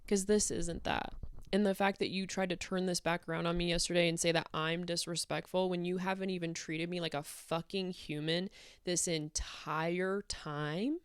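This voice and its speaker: A woman's voice: lowish voice, steady tone, normal speed, smooth, dry recording, studio quality. A woman delivering a heated, sarcastic rant to camera, blunt and swearing often. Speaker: YouTube commentator.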